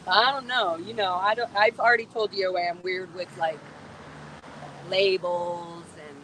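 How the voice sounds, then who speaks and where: A woman's voice: lowish voice, fairly even intonation, normal speed, fairly bright tone, a little hiss or hum, rough recording. A woman live-streaming outdoors on a phone, chatty and playful, giggling often. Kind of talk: casual live-stream chat. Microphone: phone on a selfie stick.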